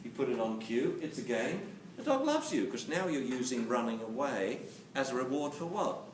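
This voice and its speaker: A man lectures an audience with animated, joking delivery and a voice that leaps up and down in pitch. He sounds distant, picked up from across a reverberant hall. A steady hiss sits under the recording. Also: normal speed. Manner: animated, jokey, acts out quotes. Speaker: dog training lecturer. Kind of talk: lively live lecture to an audience. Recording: roomy, distant camera mic with hiss.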